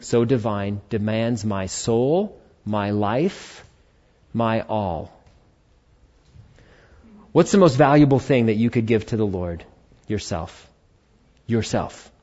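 A man's voice: breathy edge, highs cut off. Emphatic preaching pastor, man. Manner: preaching with sudden loud emphatic bursts and soft low asides. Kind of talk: sermon. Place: church.

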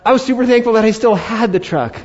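A man preaching a sermon as a pastor, telling a personal story with animated acted-out asides. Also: high-pitched, fast talker, lo-fi sound.

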